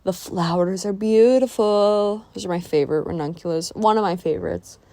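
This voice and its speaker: A woman's voice: on the low side, moderate pace, dark tone. Chatty young woman, rambling voiceover. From San Diego area, US. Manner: chatty, rambling, self-talk asides. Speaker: art vlogger. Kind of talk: casual voiceover chat.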